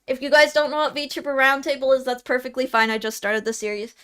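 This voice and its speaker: A woman's voice: on the high side, fairly even intonation, fairly quick, fairly bright tone, clear, resonant tone. A young woman with a Californian accent chatting casually on a live stream, reading out and answering comments, often laughing and restarting her words. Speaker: VTuber streamer.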